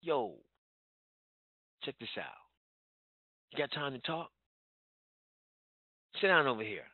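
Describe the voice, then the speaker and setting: A man putting on a voice as a slow, laid-back guy who casually invites someone to sit down and talk, in a low, unhurried drawl. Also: sing-song, dry recording. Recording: tinny phone-like line, dry.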